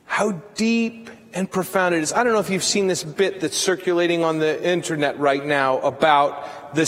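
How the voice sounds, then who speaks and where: A man with a high voice delivers a sermon at an unhurried pace, leaning hard on key words. His preaching swells toward near-shouts, and a long reverb from the church hall trails every phrase. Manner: slow, emphatic preaching that rises to near-shouts. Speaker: priest.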